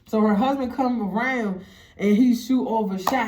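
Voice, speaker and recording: A woman telling a story casually, animated and profane, acting out the quotes. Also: a little high, normal speed, noisy background.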